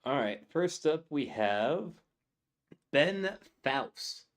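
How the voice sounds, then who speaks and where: A man's voice: a little high, very animated, drawn-out words. A man co-hosting a comedy podcast, reading out listener jokes from the chat with laughs in casual talk.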